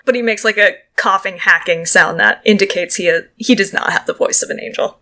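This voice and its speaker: Bright-voiced woman game master. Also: medium pitch, brisk, hardly any pauses. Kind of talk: narrating a tabletop game.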